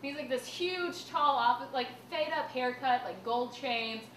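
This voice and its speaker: A young woman performing a stand-up comedy set in a small venue, telling a self-mocking story with bursts of shouted punchlines. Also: high voice, normal speed. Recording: roomy, distant live recording with faint noise.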